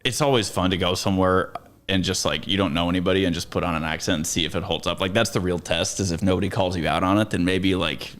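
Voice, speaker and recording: Relaxed, chatty actor guest, male, voice sitting a bit low. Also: fast. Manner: laid-back, chatty storyteller. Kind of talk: casual podcast conversation.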